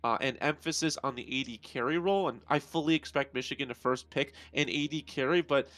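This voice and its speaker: A man's voice: medium pitch, brisk, a bit bright, no echo. American male esports color caster. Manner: analytical, thinks aloud with restarts. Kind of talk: live esports commentary.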